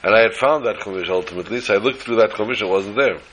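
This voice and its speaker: A man's voice: lowish voice, rapid-fire, fairly bright tone, slight background noise, rough recording. A man giving an informal Torah talk as a religious teacher, rambling and anecdotal, often correcting himself as he goes.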